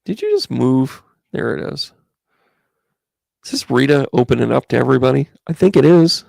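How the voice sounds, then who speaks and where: Chatty man reading tarot cards live, gravelly. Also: medium pitch, lively intonation, moderate pace, dark tone, no echo. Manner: chatty, greets viewers by name, thinks aloud. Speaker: psychic medium giving tarot readings.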